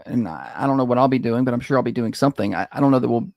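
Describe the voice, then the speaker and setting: A man's voice: medium pitch, expressive, rapid-fire, gravelly, no echo, muffled recording. A man, co-hosting a radio morning show and teasing his co-host in a dry storytelling way. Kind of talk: casual chat. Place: radio studio.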